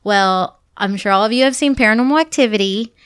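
A woman in her thirties, a podcast host and mother, chatting casually and telling animated stories with frequent laughter. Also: medium pitch, fairly quick, clean tone, no echo, studio quality. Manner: animated storyteller, laughs often, acts out her kids' voices. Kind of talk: casual chat.

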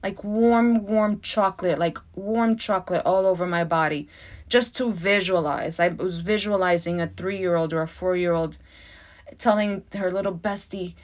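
A middle-aged woman hosting a podcast, talking casually, emotional and emphatic, swearing freely and swinging between loud bursts and soft asides. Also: on the low side, fairly even intonation, normal speed. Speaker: podcast host.

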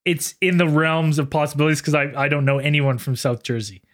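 A man's voice: a little high, fairly even intonation, fairly quick, fairly bright tone. A man co-hosting a podcast, rambling and laughing often in casual chat. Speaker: podcast co-host.

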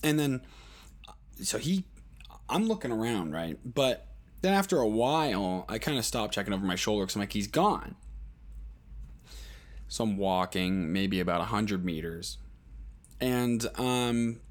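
Rambling, profane man telling a story. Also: mid-range voice. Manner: rambling and profane, full of fillers and acted-out quotes. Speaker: podcast host. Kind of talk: casual storytelling monologue.

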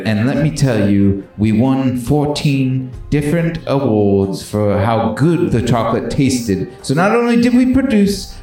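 A man's voice: mid-range voice, mellow, close to an everyday voice. A man playing a pompous male chocolate company boss, giving a stately rousing speech in a put-on old-fashioned British royal accent. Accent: old-fashioned British royal style, put on. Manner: grand, stately oratory. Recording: very echoey room, faint music.

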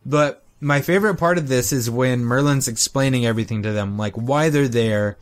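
A man's voice: mid-range voice, moderate pace. Joking man co-hosting a podcast. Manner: joking, animated retelling of cartoon scenes. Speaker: podcast co-host. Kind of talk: casual chat.

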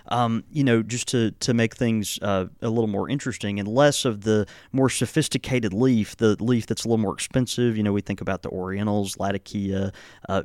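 In a studio-quality recording with no echo, a pipe tobacco shop host chats casually on his podcast. He is an American man with a fairly low-pitched voice who rambles, leaning on fillers and frequent restarts.

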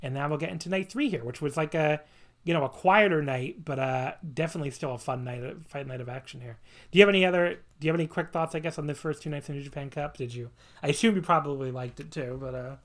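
Rambling casual man, animated and swearing. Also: a little high, quick pace. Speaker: podcast co-host. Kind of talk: casual wrestling review chat.

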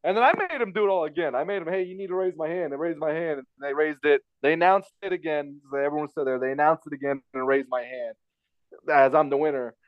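A man's voice: fairly high pitch, fast talker, clear, resonant tone, no echo, dull audio. A man telling a personal story in casual chat, rambling and repeating himself with lots of fillers. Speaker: podcast guest telling a story.

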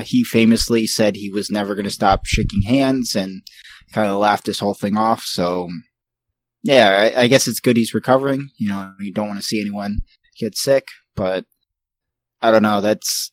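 A man hosting a casual podcast, reading news with an easygoing, hedging manner and quick laughs. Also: fairly low pitch, fairly even intonation, dry recording, low-quality recording. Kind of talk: casual chat.

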